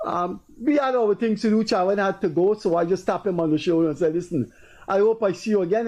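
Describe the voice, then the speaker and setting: A Guyanese man hosts a political talk show, speaking higher than most men but with a dark, mellow tone. He tells long stories and keeps repeating his points with emphasis, switching to a raised voice when he quotes others. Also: fairly quick, dull audio. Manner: storytelling, acting out quoted people in a raised voice. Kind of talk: casual political commentary.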